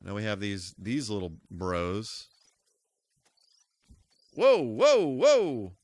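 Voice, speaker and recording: A man's voice: on the low side, huge pitch swings, drawn-out words, a little mellow, no room sound. A man giving live commentary while playing a game, breaking into goofy exclamations and mock-formal asides. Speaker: streamer.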